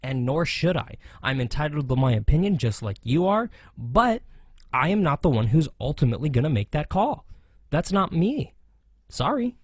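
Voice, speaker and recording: An American man hosting a racing talk show, giving animated, opinionated commentary with sarcastic asides. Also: on the high side, normal speed, no echo. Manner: animated, sarcastic, mocks others in jokey voices.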